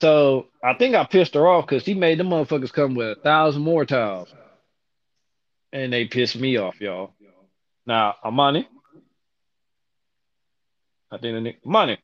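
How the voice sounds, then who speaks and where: A man's voice: normal speed, pauses often, no room sound. A man telling a long, profane story to listeners, acting out the quotes with sudden jumps in voice. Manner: animated, profane, acts out quotes with big pitch jumps. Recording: dull lo-fi audio.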